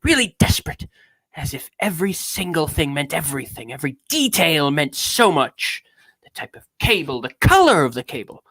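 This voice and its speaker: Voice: medium pitch, big pitch swings, moderate pace, a bit bright, husky, no echo, heavily acted. Streamer doing a pompous fake british voice, all tortured and dramatic, dry sound. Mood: anguished. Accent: put-on British. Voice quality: theatrical, affected drawl. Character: grandiose anguished man reading his own confession. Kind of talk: dramatic reading of a text.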